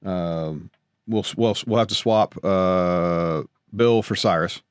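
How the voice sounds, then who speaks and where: An American man hosting a casual podcast, working through his plans in a measured way with plenty of fillers. His voice sits low. The sound is dry and close. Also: smooth, dry recording. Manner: measured, filler-heavy planning talk. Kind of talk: casual chat.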